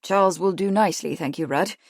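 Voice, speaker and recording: A woman voicing a cordial, well-bred gentleman greeting an old friend. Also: sits high, fairly quick, no echo, studio quality.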